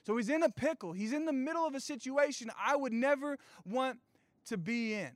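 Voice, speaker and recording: A young man preaching a sermon, telling a story with animated, playful asides and casual slang. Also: very high-pitched, fairly quick, no room sound. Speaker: youth pastor.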